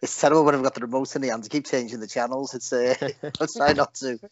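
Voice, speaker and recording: A man's voice: mid-range voice, steady tone, quick pace, no echo. A man co-hosting a podcast, joking around and laughing often. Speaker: podcast co-host. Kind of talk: casual podcast chat. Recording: dull lo-fi audio.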